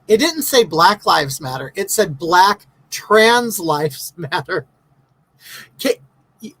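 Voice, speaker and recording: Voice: mid-range voice, fairly bright tone, rough recording. Blunt, ranting livestream host in their fifties. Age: 50s. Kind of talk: casual livestream chat reading viewer comments.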